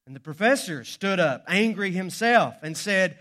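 A man's voice: high voice, expressive, moderate pace, hardly any pauses, pushed and bright. A male pastor preaching a sermon, telling a story with dramatic pacing.

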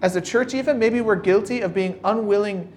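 A male pastor preaches in a loose, conversational way. He often stops and restarts his sentences. When he tells a story, he becomes lively and animated. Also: high voice, slight background noise. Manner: conversational and halting, many restarts. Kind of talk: sermon.

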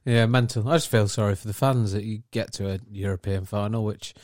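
A man's voice: fairly low pitch, fairly even intonation, fairly quick, a little mellow, dry recording. A man, chatting on a podcast with dry, wry understatement. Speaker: podcast co-host. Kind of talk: casual chat.

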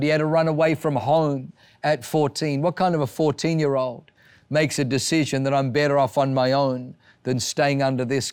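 A male pastor giving a sermon with animated storytelling, acting out the voices of people in his stories. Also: a little high, clean tone, no room sound.

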